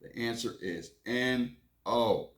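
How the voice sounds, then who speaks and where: A man's voice: medium pitch, takes it slowly, roomy sound, voice pushed up, lightly acted. A man voicing a stern mother who keeps refusing her child in a storybook reading, with firm, clipped refusals.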